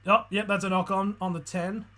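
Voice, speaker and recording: A high, bright-voiced man streams his live reactions to a football match. He swings between steady play-by-play calls and loud, profane outbursts. His tone stays excitable and unfiltered, like a fan talking straight to his viewers. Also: normal speed. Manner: excitable, swears a lot, shifts from calm calls to loud outbursts.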